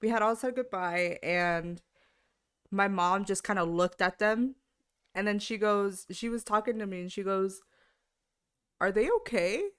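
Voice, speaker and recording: A woman's voice: mid-range voice, a little slow, pauses often, smooth. Laughing young woman telling a story. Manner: animated, laughs often, quotes her mom. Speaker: podcast co-host. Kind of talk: casual storytelling chat.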